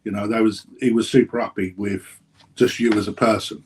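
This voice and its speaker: A man from England with a husky voice chats as a guest on a live show. He hesitates and restarts a lot, but his tone stays friendly and full of banter. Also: lowish voice, little pitch movement, fairly quick. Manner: hesitant, friendly banter, says "mate" often. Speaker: guest, koi dealer. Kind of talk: casual live-stream chat.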